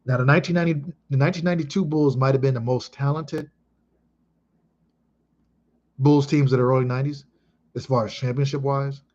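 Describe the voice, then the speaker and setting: A man in his thirties from Chicago, reminiscing casually in an emphatic, excitable way with heavy swearing. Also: medium pitch, a little fast, long pauses, lo-fi sound. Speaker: vlogger.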